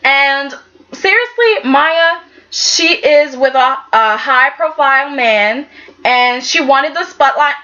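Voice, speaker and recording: A woman's voice: high-pitched, animated, slow, sharp tone, lo-fi sound. A woman giving a casual, sassy recap of a soap opera episode, talking back to the characters.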